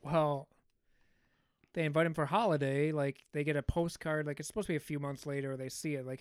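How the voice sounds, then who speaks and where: A man's voice: fairly high pitch, steady tone, a little fast, clear, resonant tone, no room sound, studio quality. A man co-hosting a podcast, casually recapping a film in a rambling, profane storytelling way. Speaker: podcast co-host. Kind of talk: casual movie recap chat.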